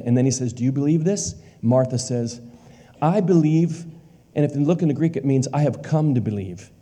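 A man preaching a sermon with emphasis. He repeats lines for weight and drops to a hush on key words. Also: mid-range voice. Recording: long hall reverb.

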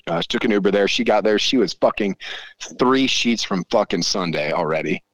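A man in his forties, a podcast guest telling stories in casual chat, swearing freely and animated. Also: lowish voice, fairly quick, dry recording, highs cut off. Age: 40s. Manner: profane, animated storyteller.

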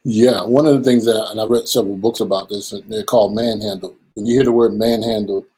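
A man's voice: fairly low pitch, steady tone, fast talker, dark tone, slightly rough, low-quality recording. A man in his fifties, a pastor and men's ministry leader, talking earnestly in an interview and acting out the people he quotes. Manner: earnest, preacherly, acts out quoted voices. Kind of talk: conversational interview.

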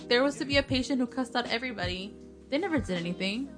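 A young woman working as a nursing assistant, chatting casually and telling lively work stories, acting out quoted voices and swearing freely. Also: a little high, fast talker, over music. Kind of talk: casual podcast chat.

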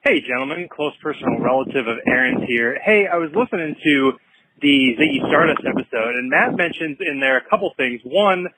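A man's voice: medium pitch, expressive, brisk. Teasing male caller on noisy voicemail.

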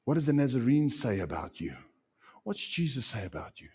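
A man preaching a sermon as pastor, animated and repeating phrases for emphasis. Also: medium pitch, a little fast, slightly rough.

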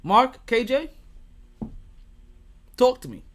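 A man's voice: extremely high pitch, big pitch swings, slow, fairly bright tone. A man hosting a sports podcast, chatting loosely with his co-hosts, laughing often and swearing freely. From New York. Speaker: podcast host. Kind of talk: casual podcast chat.

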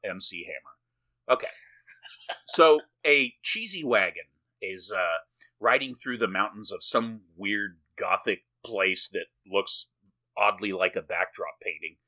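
A man's voice: lowish voice, animated, measured pace, sharp tone. A man co-hosting a podcast, recapping a film in a rambling, jokey way, swearing and laughing often. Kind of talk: casual movie-recap chat.

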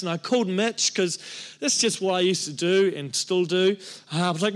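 High-voiced man preaching a candid testimony. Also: a little fast. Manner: candid, self-deprecating storytelling with acted-out quotes. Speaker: pastor. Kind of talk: personal testimony sermon.

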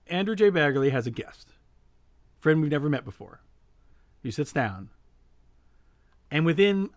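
A man co-hosting a podcast, telling a story in casual chat with many restarts, getting loud and lively as he retells it. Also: a little high, no echo, studio quality. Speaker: podcast co-host.

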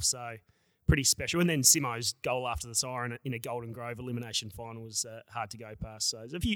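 Quick Australian man in his thirties. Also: medium pitch, fairly bright tone, dry recording. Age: 30s. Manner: reflective, rambling recollection. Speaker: podcast guest. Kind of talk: casual interview.

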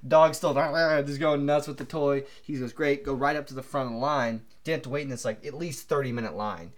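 A man co-hosting a podcast, telling a long anecdote in an animated, rambling way full of fillers. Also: medium pitch, fairly quick. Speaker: podcast co-host. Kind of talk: casual storytelling chat.

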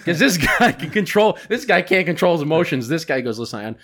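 A man talks quickly on a casual podcast and tells a long work story. He acts out the people he quotes, his voice jumping up for the angry ones. He swears freely and keeps the chat loose. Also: fairly high pitch, sing-song, fairly bright tone. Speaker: podcast co-host.

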